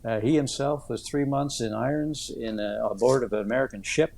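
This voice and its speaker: A man in his seventies, an author answering interview questions in an earnest, thoughtful way, with many "uh" pauses as he tells stories. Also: medium pitch, vocal fry, a little mellow. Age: 70s.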